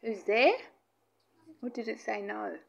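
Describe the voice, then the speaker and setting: A woman investigating paranormal activity, talking softly to spirits in a hushed, breathless way. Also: fairly high pitch, fairly even intonation, a little slow, creaky, dull audio. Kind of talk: ghost-hunting vlog narration.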